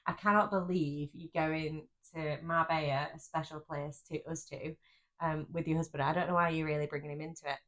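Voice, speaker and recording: A woman co-hosting a podcast in casual chat, teasing with deadpan banter. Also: low-pitched, a little fast. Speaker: podcast co-host.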